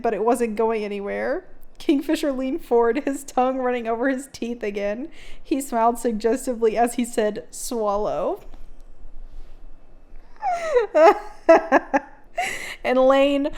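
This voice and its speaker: Female book vlogger, a touch high-pitched, casual read-along with frequent giggles and frank, sweary asides. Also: a little mellow. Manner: giggly, blunt, swears freely. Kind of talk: casual reading vlog with commentary.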